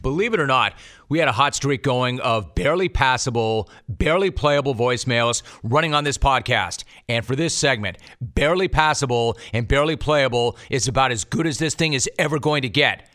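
A man's voice: mid-range voice, a little fast, fairly bright tone. A male podcast host giving a theatrical, mocking introduction to a voicemail segment.

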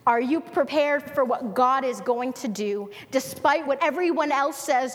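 A woman's voice: a little high, in a large hall. A woman preaching a conversational sermon, asking the listeners questions, then leading a prayer.

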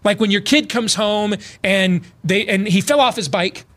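A male talk show host with a slightly bright voice speaks at a moderate pace in comedic political talk. He sarcastically paraphrases others in a mocking way, breaking into sudden high impressions.

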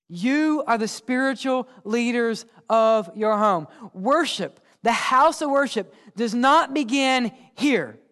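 A man preaching a sermon in a church, asking the congregation questions and answering them, sometimes dropping to a hushed low voice for emphasis. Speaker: pastor. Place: church sanctuary. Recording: long hall reverb.

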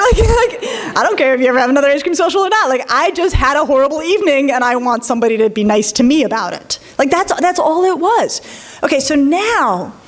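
A child psychologist and speaker in her forties tells a story to a live audience in a slightly high voice. She's animated and chatty, slipping into quick impressions of the people involved and breaking off for plenty of asides.

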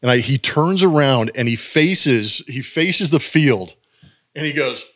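A man telling ballpark stories in a relaxed chat, voicing the people in them with a laugh. His voice sits at an ordinary pitch. The sound is close and dry, with no room around it. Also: measured pace, dry recording. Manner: animated, acts out quotes with laughs. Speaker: former baseball player telling stories. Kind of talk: casual storytelling chat.

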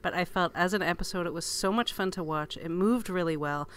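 A woman's voice: lowish voice, fairly quick, smooth. A woman guest on a casual podcast chat, enthusiastic and talking in long runs.

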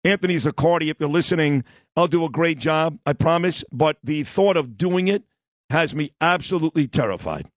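A radio host with a Brooklyn accent, talking loose and joking at his co-hosts. His voice sits a little high, picked up dry and close on a studio microphone. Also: expressive, a little fast, no echo. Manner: joking, self-mocking, loud. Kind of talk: casual radio banter.

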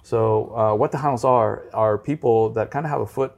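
A man's voice: fairly low pitch, moderate pace, vocal fry, darkish tone. A man from Texas with a Texan American accent, a podcast guest chatting casually and joking with many fillers.

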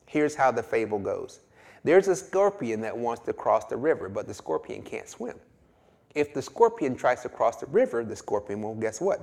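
A man preaching a sermon, emphatic and drawn-out, telling a fable to make his point. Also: mid-range voice, vocal fry, darkish tone. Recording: long hall reverb.

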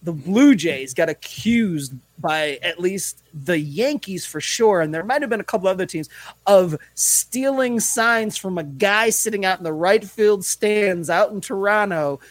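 A man co-hosting a casual sports podcast, talking in animated, laughing, profane banter. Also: sits high, unhurried, dry recording. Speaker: podcast co-host.

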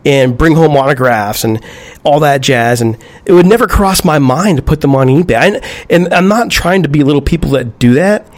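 A man's voice: on the high side, animated, normal speed. Thoughtful conversational man. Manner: thoughtful, conversational, occasional stammered restarts. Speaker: podcast co-host. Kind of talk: casual chat.

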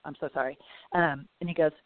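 A woman's voice: low voice, steady tone, fast talker, no room sound. Chatty woman telling stories over a tinny line. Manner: chatty, rambling, full of "you know" and quoted dialogue. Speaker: guest. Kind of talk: casual interview storytelling. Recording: phone-like audio.

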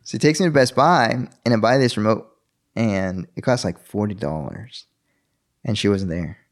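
A man casually telling a personal story and acting out the dialogue with big jumps in his voice. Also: normal speed. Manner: animated, acts out quoted dialogue with sharp pitch jumps.

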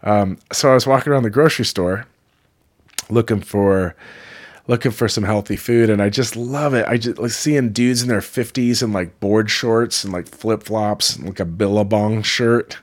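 Man from California, low voice, rambling casual travel vlogger, enthusiastic and digressive. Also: moderate pace.

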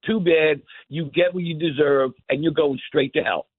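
Radio caller, man, fairly high voice, rambling and halting, tinny phone line, dry. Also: slightly rough, no echo. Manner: rambling, halting, many fillers. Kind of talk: call-in talk radio.

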